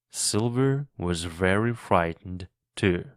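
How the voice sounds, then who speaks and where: A man reads a storybook aloud for language learners in a clear, deliberate way. His voice sits low, and he takes his time over every phrase. The recording is dry and close, with no room sound. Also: no echo. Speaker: narrator and English teacher. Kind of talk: slow audiobook reading for learners.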